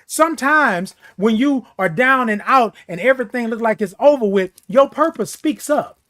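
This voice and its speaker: Animated high-voiced man preaching uplift. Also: moderate pace. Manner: preachy, repetitive, makes beeping sounds. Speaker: host. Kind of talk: motivational morning talk. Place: seated in a chair.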